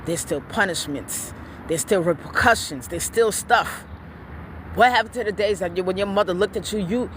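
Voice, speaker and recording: A woman talks straight at the camera in a casual vlog rant, blunt and profane, and tells her stories in an animated way. Her voice sits at an ordinary middle pitch. Faint traffic and car sounds hum behind her. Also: brisk. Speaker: mother giving parenting opinions.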